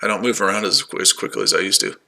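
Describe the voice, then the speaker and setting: Forties guy on a livestream, low-ish voice but bright, taunting and repeating himself. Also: quick pace, vocal fry. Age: 40s. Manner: combative, taunting, repetitive. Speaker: livestream host. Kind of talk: casual livestream banter.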